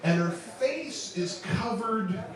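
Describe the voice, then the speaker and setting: A man's voice: sits high, lively intonation, takes it slowly, a crowd in the background. A man in his twenties performing a stand-up comedy set on a club stage, chuckling through his own jokes. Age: 20s. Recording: echoey club, distant mic, audience.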